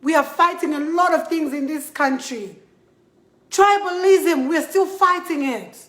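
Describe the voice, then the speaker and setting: Angry Zambian woman vlogging straight to camera, high voice, slow, emphatic delivery. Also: a bit bright, reverberant. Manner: emphatic, repetitive, switching between English and a local language. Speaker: model addressing followers. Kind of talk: impassioned vlog to camera.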